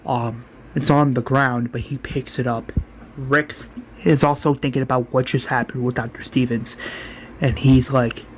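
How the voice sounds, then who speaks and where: A man's voice: mid-range voice, flat delivery, a little slow, a little hiss or hum. A man giving a casual, rambling spoken recap, full of fillers, acting out the lines. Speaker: fan recapper.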